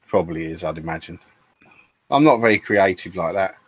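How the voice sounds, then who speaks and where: A man's voice: sits low, expressive, brisk, slightly rough, no room sound. Easygoing British man, chatty and dry-sounding. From United Kingdom. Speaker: podcast co-host. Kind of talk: casual chat.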